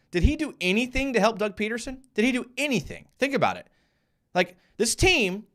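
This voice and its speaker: A young man hosting a live fan show, giving casual football commentary over game film with animated, fired-up rants full of restarts. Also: high-pitched.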